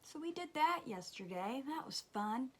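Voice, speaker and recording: A woman in her thirties chatting casually as she does her makeup, exasperated and often dropping to a soft near-whisper. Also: high voice, big pitch swings, normal speed. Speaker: beauty vlogger, mother. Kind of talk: casual storytelling during a makeup tutorial.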